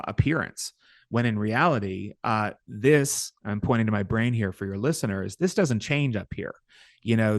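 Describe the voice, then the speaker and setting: A man, a guest author, explaining his ideas in a measured way during an interview, with some fillers. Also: fairly low pitch, no room sound, studio quality. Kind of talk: interview talk.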